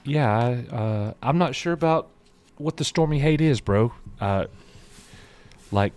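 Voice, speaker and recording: A man's voice: mid-range voice, expressive, measured pace, a little mellow, smooth. A man co-hosting a casual live stream, chatting loosely and reading viewer messages aloud. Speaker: show co-host.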